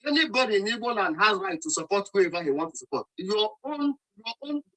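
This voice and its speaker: This is a Nigerian man with a high voice, pushing his point hard in a heated online debate. His tone is very sharp and bright, and he scolds and repeats words as he presses on. He sounds insistent from start to finish. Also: sing-song, fairly quick, low-quality recording. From Nigeria, Nsukka. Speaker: speaker in an online audio room debate. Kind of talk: heated political argument.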